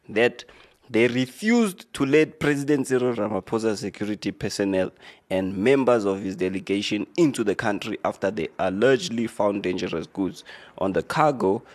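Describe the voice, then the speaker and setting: A man hosting a radio show, reading out a news article with relaxed, rambling commentary and joking asides. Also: on the low side. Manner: laid-back, rambling, joking asides with fillers.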